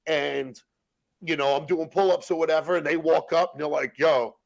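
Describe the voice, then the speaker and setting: Gravelly guy telling prison stories, cussing a lot, dry close sound. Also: fairly high pitch, steady tone, moderate pace, dry recording, low-quality recording. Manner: profane, storytelling, acts out quotes. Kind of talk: casual chat.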